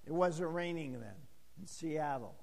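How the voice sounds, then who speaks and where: An older man delivers a sermon in a high, unhurried voice, acting out bits of dialogue in a folksy storytelling way. His words ring out with a long reverb trailing behind them. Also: lively intonation, creaky, darkish tone. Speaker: pastor.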